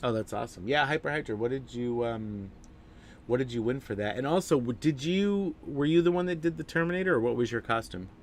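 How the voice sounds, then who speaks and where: A man's voice: mid-range voice, expressive, fairly quick, a little hiss or hum. A man with a cold and a nasal voice, hosting a live stream in a rambling casual way with many fillers.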